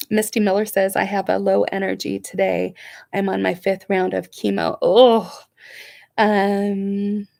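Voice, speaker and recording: A woman hosts a casual livestream, talking straight to her viewers. She reads their comments aloud and answers each one in a chatty, sympathetic way. Her voice has a gravelly edge and sits at an ordinary pitch. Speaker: vlog host reading live chat.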